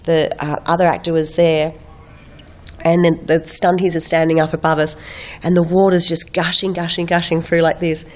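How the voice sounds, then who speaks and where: A woman in middle age recounts stories in a relaxed interview. Her voice sits low, and she talks in an animated way, laughing often and restarting sentences as she goes. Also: normal speed. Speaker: actor guest. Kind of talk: casual interview storytelling.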